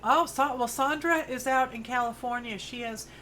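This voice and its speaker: A woman in her fifties with a New York accent hosts a craft livestream from her home studio on a farm, chatting and rambling with viewers through friendly asides as she works. Her voice sits on the high side, bright and pushed, at a moderate pace. There's a slight hiss or hum in the recording.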